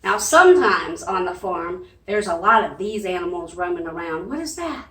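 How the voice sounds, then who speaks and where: A woman's voice: fairly low pitch, big pitch swings, normal speed, a bit bright. A woman, a children's librarian leading a sing-along lesson with cheerful, coaxing talk and animal sounds. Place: library room. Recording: echoey room, mic at a distance.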